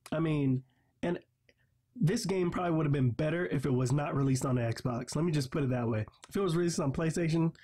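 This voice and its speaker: Frustrated husky man ranting. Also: fairly high pitch, a little mellow. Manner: frustrated, profane, rambling with restarts. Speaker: gaming channel host. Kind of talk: casual ranting game review.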